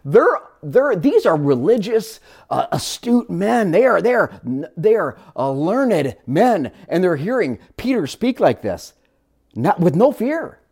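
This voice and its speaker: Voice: medium pitch, big pitch swings, takes it slowly, darkish tone, breathy edge. A pastor giving a sermon, firing rhetorical questions at the congregation and repeating words as each point builds.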